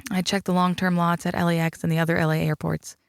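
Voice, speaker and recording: A man voicing a sharp, wry young woman coroner in an audiobook, with dry, teasing banter. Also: on the high side, level tone, quick pace, creaky, clean tone, dry recording. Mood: explaining.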